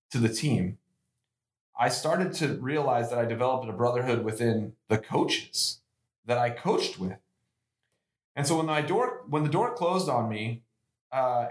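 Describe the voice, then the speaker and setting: A middle-aged man who hosts a podcast and coaches youth football, telling his own story in an earnest, emotional way, with many restarts and rising bursts of emphasis. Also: medium pitch. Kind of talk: personal storytelling monologue. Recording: echoey room.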